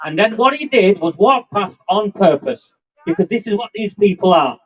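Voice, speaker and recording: Angry guy in his 50s shouting at a street rally, fairly high voice, muffled lo-fi sound. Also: lively intonation, moderate pace. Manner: angry, forceful, defiant. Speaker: rally speaker. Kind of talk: impassioned outdoor rally speech. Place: outdoor street demonstration. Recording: muffled lo-fi outdoor recording.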